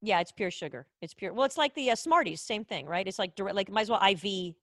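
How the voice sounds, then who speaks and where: A woman hosting a casual video-call chat show, upbeat and chatty with quick asides. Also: mid-range voice, animated, a bit bright, no echo, studio quality. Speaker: talk show host.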